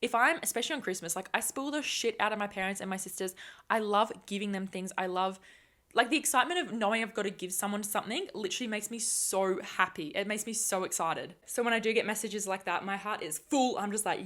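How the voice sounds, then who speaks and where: A woman's voice: mid-range voice, a bit bright. A woman, hosting a solo podcast in an upbeat, chatty way, swearing freely and making self-aware asides. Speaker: podcast host. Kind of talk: casual solo podcast chat.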